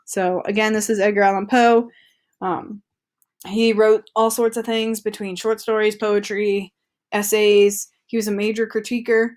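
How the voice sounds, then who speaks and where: A woman's voice: mid-range voice, level tone, a little slow, a little mellow. A woman teacher reading an article aloud to her students in a chatty, upbeat way with casual asides.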